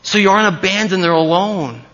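A man's voice: sits high, a little fast, fairly bright tone, dull audio. A man preaching a sermon as pastor, earnest and emphatic, often repeating key phrases.

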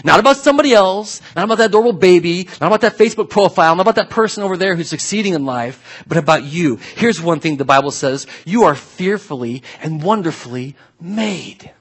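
A pastor delivers his sermon in a high, slightly husky voice. He talks to the congregation like a friend, then presses his points home by repeating them with emphasis. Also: lively intonation, quick pace, few pauses, fairly bright tone. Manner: emphatic, conversational preaching with repeated phrases.

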